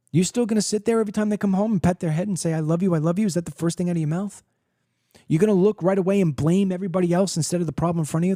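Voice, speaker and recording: A man's voice: on the high side, warm tone, no room sound, studio quality. A middle-aged man hosting a political talk show, delivering an opinionated monologue full of emphatic rhetorical questions and repeated words.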